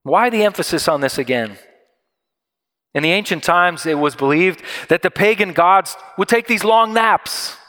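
A man preaching a sermon, explaining scripture and telling a story with animated, acted-out quotes. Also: high voice, normal speed, in a large hall. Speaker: pastor.

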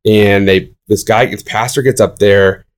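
Young man, lower voice, casual chatty talker who spins lively anecdotes full of filler words. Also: measured pace. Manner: animated storytelling with many fillers. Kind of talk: casual chat.

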